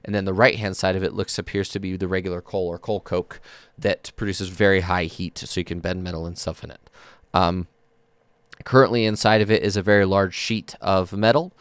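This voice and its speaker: A man's voice: deep voice, smooth, no room sound. A man narrating a tabletop game as game master, describing scenes at length with frequent fillers.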